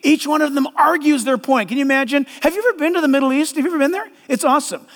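A man preaching a sermon as a pastor, animated and acting out voices in the quotes. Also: very high-pitched, racing, in a large hall.

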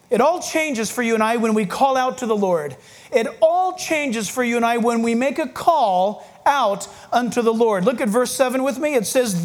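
Pastor guy, middle-aged, pretty high voice, chatty sermon w/ little self-digs. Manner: conversational preaching with self-mocking asides.

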